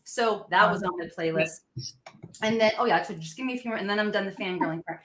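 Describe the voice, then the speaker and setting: A woman in her thirties hosting a podcast, chatting in an excited, gushing way with frequent laughs. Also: mid-range voice, fast, echoey room, background noise. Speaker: podcast host. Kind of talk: casual interview chat.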